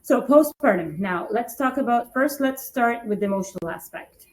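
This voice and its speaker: A woman's voice: fairly high pitch, animated, moderate pace, slight background noise, poor audio. A woman hosting an interview, prompting her guest with short questions and acknowledgements. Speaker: podcast host.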